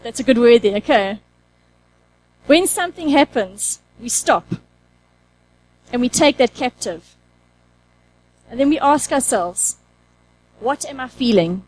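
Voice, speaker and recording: A woman's voice: on the high side, darkish tone, low-quality recording. A woman preaching a conversational sermon, asking the audience questions and acting out her own inner dialogue.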